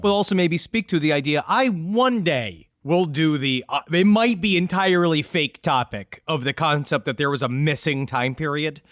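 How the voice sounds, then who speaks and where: Fairly high voiced dude on a podcast, dry mic, teasing and excitable. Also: male voice, moderate pace, hardly any pauses, no echo. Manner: excitable, teasing, loud laughs. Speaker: podcast co-host. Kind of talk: casual chat.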